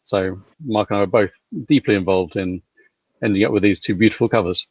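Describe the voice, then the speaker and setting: A relaxed man speaks on a video call in a fairly low voice. The sound is dry and a little dull, like basic call audio. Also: a little fast, slightly rough, no room sound. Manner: relaxed, easygoing. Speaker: publishing coordinator. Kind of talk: casual chat.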